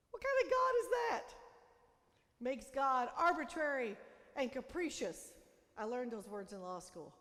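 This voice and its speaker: A woman pastor preaching a sermon, swinging between loud emphatic declarations and soft, hushed lines. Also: sits high, animated, unhurried. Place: church sanctuary. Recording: long church reverb.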